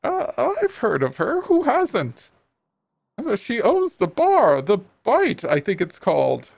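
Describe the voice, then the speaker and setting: A man voicing a timid male shopkeeper in a video game, high and jittery, begging and fussing. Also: huge pitch swings, takes it slowly, gravelly, dry recording, full character voice. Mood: evasive. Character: timid nervous male shopkeeper, pleading and fussy.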